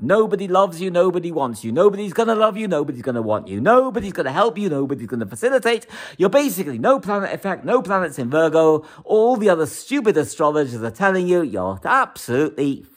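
Male astrologer, animated monologue, higher-pitched, laughs between points. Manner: emphatic, repetitive, laughs often. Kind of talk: monologue horoscope reading.

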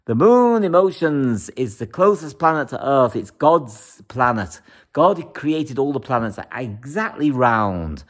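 A man's voice: medium pitch, very animated, measured pace. A man giving an emphatic, repetitive horoscope monologue as an astrologer, often laughing.

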